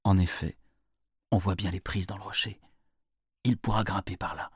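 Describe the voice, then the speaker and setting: A man narrating a storybook in a clear, measured storytelling manner. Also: low-pitched, fairly even intonation, no echo, clean studio sound.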